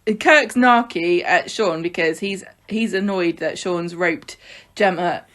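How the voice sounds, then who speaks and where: A woman's voice: fairly low pitch, fairly bright tone. A woman co-hosting a podcast, chatting casually and jokily with frequent restarts. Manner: chatty, jokey, with halting restarts. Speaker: podcast co-host. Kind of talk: casual chat recapping a soap.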